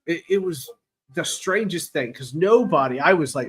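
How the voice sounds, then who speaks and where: A man hosting a casual live football chat, rambling and excitable, reading viewer comments aloud, his throat raw from cheering. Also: on the high side, normal speed. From Tennessee. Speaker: podcast host.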